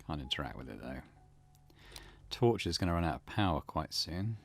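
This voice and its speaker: A man hosting a let's play, reading in-game notes aloud and muttering relaxed asides as he explores. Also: extremely low pitch, normal speed, creaky. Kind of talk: gameplay commentary.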